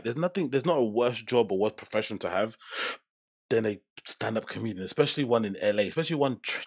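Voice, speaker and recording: A man with a low, gravelly voice gives loose reaction commentary. His tone is husky and rough at the edges. He swears freely and trails off mid-thought. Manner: rambling, profane, stops and restarts often. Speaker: reaction channel host.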